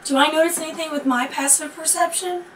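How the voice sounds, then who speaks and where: A woman's voice: high-pitched, fairly even intonation, fast, loud music behind the voice. A woman player at a tabletop game, teasing and playful in her joking asides. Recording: echoey room, far from mic.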